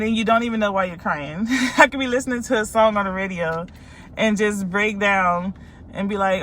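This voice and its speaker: A woman's voice: mid-range voice, moderate pace, a bit bright, slight background noise. A woman life coach from California, talking casually and candidly to her followers about her own experience, with many ums and likes.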